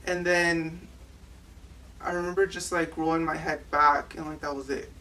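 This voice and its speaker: A young adult woman giving personal testimony as an interviewee, halting and full of "like" fillers. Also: deep voice, fairly even intonation, sharp tone, a little hiss or hum. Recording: distant mic with faint ambience.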